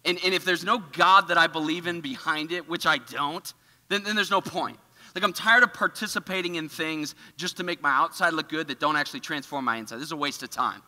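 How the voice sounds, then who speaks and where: A man giving a casual, animated storytelling sermon in a church, full of filler words. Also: on the high side, a little fast, long reverb tail. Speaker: church speaker. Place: church auditorium.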